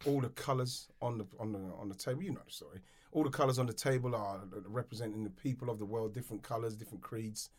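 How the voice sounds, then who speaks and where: A man co-hosting a podcast, telling animated anecdotes, repeating words and dropping low when quoting others. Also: fast. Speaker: podcast co-host, former footballer. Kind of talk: casual storytelling chat.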